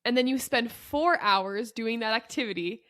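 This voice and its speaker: A playful woman co-hosts a podcast, chatting casually and laughing easily. Her voice sits a little high. She keeps an easygoing, conversational tone. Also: normal speed, a bit bright. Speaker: podcast co-host. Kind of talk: casual chat.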